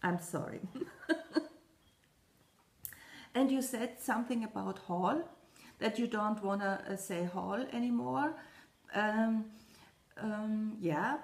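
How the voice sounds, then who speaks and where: Woman chatting slowly on her craft vlog, lots of ums, echoey room. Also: mid-range voice. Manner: slow, hesitant, many fillers and restarts. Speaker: Flosstube vlogger. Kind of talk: casual chat to camera.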